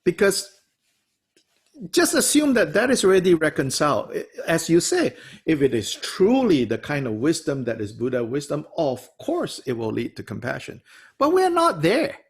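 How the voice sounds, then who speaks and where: A man's voice: moderate pace, breathy edge. A man teaching a study class, answering a student with rhetorical questions and small laughs. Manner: animated, wide-ranging pitch, rhetorical questions, small laughs.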